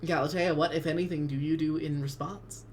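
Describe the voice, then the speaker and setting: A woman's voice: sits low, fairly even intonation, brisk, darkish tone, slight background noise. A woman narrating a tabletop game as game master, hedging her words and laughing often.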